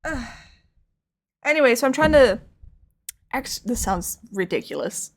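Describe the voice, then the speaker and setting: A woman's voice: fairly high pitch, lively intonation, a little slow. A young woman with a slight lisp chatting casually with her stream audience while painting, rambling and self-deprecating.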